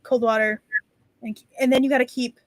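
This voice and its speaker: A woman hosting a casual writing-sprint stream, chatty and quick to laugh and apologize. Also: a little high, level tone, no room sound. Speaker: stream host.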